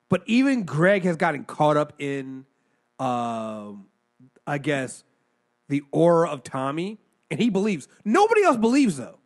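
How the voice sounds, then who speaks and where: A man co-hosting a casual movie review chat, excitable, swearing freely and restarting sentences. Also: on the high side, moderate pace. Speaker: podcast co-host reviewing films.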